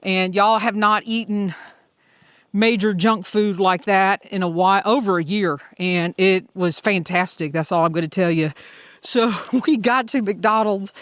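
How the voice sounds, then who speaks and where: A woman's voice: mid-range voice, measured pace, no echo, clean studio sound. Chatty Southern woman on the trail. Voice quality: upbeat, chatty storyteller. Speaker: hiker vlogger. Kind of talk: casual audio vlog.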